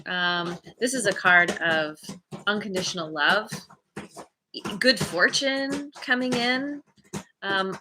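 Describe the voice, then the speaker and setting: A woman's voice: mid-range voice, background noise. A woman doing a casual tarot reading to camera, chatty and meandering, laughing at herself. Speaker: tarot card reader.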